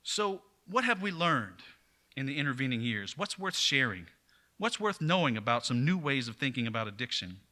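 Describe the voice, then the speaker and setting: A psychologist giving an earnest, explanatory church talk in a plain conversational tone. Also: male voice, medium pitch, very animated, normal speed, pushed and bright. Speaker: speaker, psychologist.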